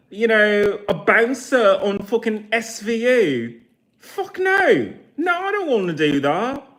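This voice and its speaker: A man in his forties, talking to camera in a blunt, mocking rant full of swearing. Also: high-pitched. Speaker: vlogger.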